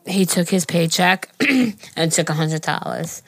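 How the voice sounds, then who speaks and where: A woman's voice: lowish voice, expressive, measured pace, no echo. A woman in her forties co-hosting a casual chat podcast. She tells stories with lots of energy, swears freely and acts out what other people said. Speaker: podcast co-host.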